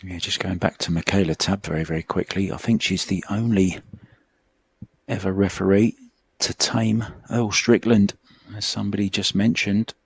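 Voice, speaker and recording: A middle-aged man commentating on a pool final. His voice is very low and gravelly, with a husky edge. He talks in a chatty, reminiscing way, and the sound is dry and close. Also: fairly even intonation, moderate pace, dry recording. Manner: chatty, reminiscing between shots.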